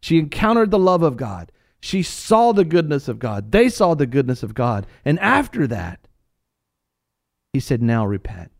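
A man delivers an impassioned sermon in a somewhat high voice. He swings from near-whispered passages to loud, ringing declarations and speaks straight to his listeners. The recording is dry and close, with almost no room sound. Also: very animated, measured pace, vocal fry, dry recording. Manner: addresses listeners directly as sir and ma'am. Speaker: preacher.

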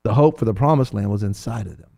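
This man speaks fast in a low, creaky voice while preaching from the Bible, staying animated and playful and giving voice to the biblical figures he describes.

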